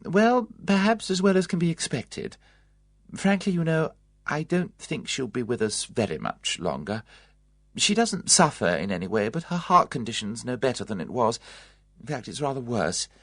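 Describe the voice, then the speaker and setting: A reader voicing a cheerful, competent matron of about fifty, chatty, brisk and comfortable. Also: medium pitch, very animated, fairly bright tone, no echo, clean studio sound, pitched above the performer's own voice.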